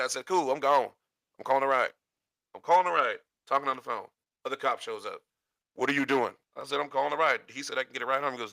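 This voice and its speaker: A man telling a long personal story in casual chat, animated and acting out the quotes with laughs. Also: medium pitch, quick pace, no room sound.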